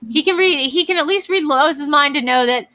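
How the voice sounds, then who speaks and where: A fairly high, bright-voiced woman co-hosting a loose movie talk show. She talks animatedly, jumping into quick voices to act out scenes and swearing freely. The sound is close and dry. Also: dry recording. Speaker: podcast co-host. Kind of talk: casual movie discussion.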